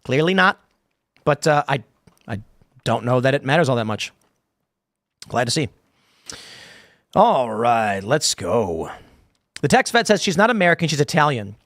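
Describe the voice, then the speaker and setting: A man's voice: medium pitch, big pitch swings, a little slow, pauses often, fairly bright tone, dry recording, studio quality. A man hosting a live show, reading chat comments and riffing on them in a rambling way, full of fillers and restarts. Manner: rambling, many fillers and repeated starts. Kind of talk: casual live-stream commentary.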